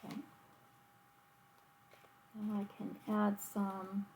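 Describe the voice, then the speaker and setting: Woman, crafting tutorial, chatty, thinking aloud, mid-pitched, faint background noise. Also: completely flat delivery, drawn-out words, darkish tone, poor audio. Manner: chatty, talks to herself and her dog while working. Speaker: card-making demonstrator.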